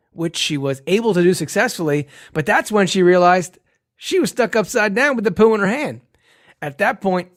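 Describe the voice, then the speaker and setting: A man's voice: high voice, no echo, studio quality. A man co-hosting a casual podcast, reading out a funny news story in a joking way and laughing often. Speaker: podcast co-host.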